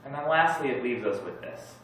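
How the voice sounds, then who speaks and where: Joking pastor in an echoey sanctuary. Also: male voice, medium pitch, brisk, slight background noise. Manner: candid, joking, self-deprecating; animated, swings between loud and quiet. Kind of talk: sermon. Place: large church sanctuary. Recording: echoey church hall from far off.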